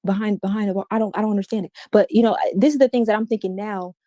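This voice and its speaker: A woman's voice: mid-range voice, fairly even intonation, very fast, warm tone, dry recording, studio quality. A woman as an interview guest, giving a candid, emphatic personal account in slangy everyday speech.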